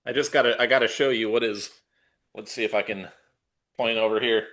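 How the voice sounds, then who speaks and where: A man's voice: lowish voice, fairly even intonation, fairly quick, a bit bright. A man hosting a podcast over a video call, a self-described retro bike nerd who talks with casual slang. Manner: enthusiastic bike nerd, laid-back slang. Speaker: podcast host. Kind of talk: casual interview chat.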